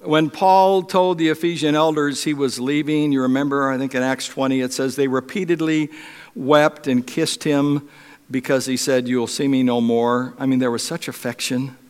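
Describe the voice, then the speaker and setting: A man's voice: medium pitch, steady tone, moderate pace, a little mellow, smooth. Middle-aged man from Europe, preacher; chatty storytelling sermon, long reverb of a big hall. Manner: conversational storytelling with many restarts and fillers.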